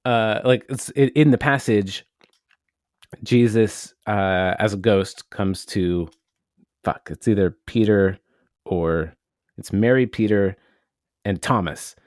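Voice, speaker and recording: A man's voice: fairly low pitch, takes it slowly, pauses often, a little mellow, dry recording, studio quality. A man co-hosting a podcast, telling a story in a rambling, casual way and swearing now and then. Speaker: podcast co-host. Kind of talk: casual chat.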